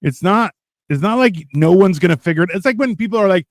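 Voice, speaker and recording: A man's voice: high voice, expressive, quick pace, no room sound, clean studio sound. Crude, mocking man on a live stream. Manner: mocking, profane, loud mimicry of others. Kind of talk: crude casual banter.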